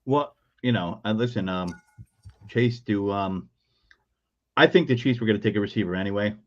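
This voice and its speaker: Chill guy w a lowish voice on a muffled lo-fi call line, joking about sports. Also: moderate pace. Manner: laid-back, joking, many ums. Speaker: podcast guest. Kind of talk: casual sports chat. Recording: dull lo-fi remote call audio.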